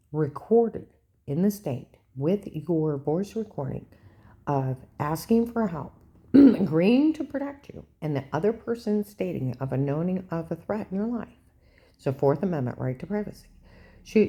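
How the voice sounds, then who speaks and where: A woman's voice: low-pitched, dark tone. An older woman in a rambling, agitated personal monologue, repeating herself and often asking "okay?". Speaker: vlogger.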